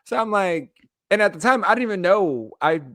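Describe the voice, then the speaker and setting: A man co-hosting a podcast, telling stories in a playful, emphatic, animated way. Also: sits high, brisk, no room sound, clean studio sound. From Los Angeles. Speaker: podcast co-host. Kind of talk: casual chat.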